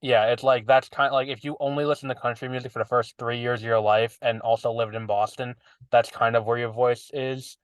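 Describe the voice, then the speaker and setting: A young man with a slight lisp talks on a podcast in a teasing, rambling way. His voice sits in a middle pitch, and the sound is close and dry. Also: fairly even intonation, a little fast, clean tone, no echo. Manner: teasing, rambling, laughs often. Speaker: podcast co-host. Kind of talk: casual chat.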